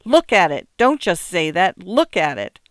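Anguished country husband, pleading, crying out, read by a woman, clear smooth voice, dry. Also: high voice, animated, a little slow, no echo, pitched above the performer's own voice. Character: anguished tattooed rural husband, desperate. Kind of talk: dramatic reading of a short story.

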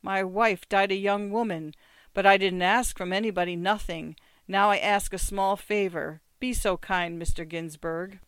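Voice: medium pitch, fairly even intonation, measured pace, a bit bright, clean tone, no echo. A reader voicing a poor, frail old immigrant father who pleads and cries out in a strained, raised voice. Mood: pleading. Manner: pleading, then furious cries.

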